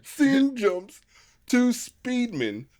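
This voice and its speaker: A man casually recapping a movie plot as podcast co-host, animated and swearing now and then. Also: extremely high pitch, very slow. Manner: animated storytelling, laughs often, swears.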